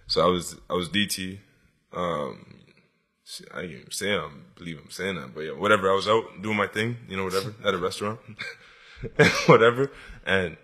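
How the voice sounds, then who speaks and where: Deep husky-voiced man telling stories. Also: pushed and bright. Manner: laid-back storyteller, slangy, laughs often. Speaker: podcast co-host. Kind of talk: casual chat.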